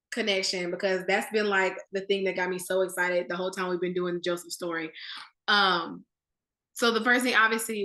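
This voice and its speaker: A woman leading a casual, animated Bible study. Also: mid-range voice, roomy sound. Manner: animated, conversational, with slang.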